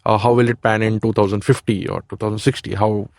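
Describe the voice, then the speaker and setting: A man's voice: on the low side, level tone, fast, vocal fry, a little mellow, no echo, studio quality. A man hosting a podcast interview, asking rambling, tentative questions with lots of fillers.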